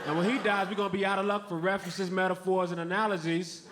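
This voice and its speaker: A male stand-up comedian from the Chicago area tells his stories in a laid-back, deadpan way, with a fairly high voice. He is on stage in a club, with audience noise behind him. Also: fast. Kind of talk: stand-up set. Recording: noisy club with audience sounds.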